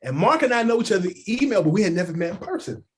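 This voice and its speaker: A man telling stories as a sports journalist guest on a casual podcast, animated and full of "like" and "yo". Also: high voice, fast, a little hiss or hum.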